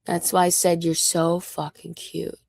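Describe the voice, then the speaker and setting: A woman's voice: on the low side, monotone, measured pace, vocal fry, a little mellow, no room sound, studio quality. A young woman delivering a profane, confrontational livestream rant aimed directly at one man.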